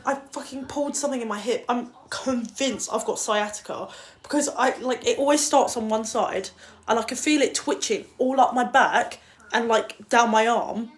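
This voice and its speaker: A woman's voice: on the high side, normal speed. Chatty, swearing woman. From England. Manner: chatty, blunt, swears freely, reads out viewer comments. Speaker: livestreamer. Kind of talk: casual livestream chat.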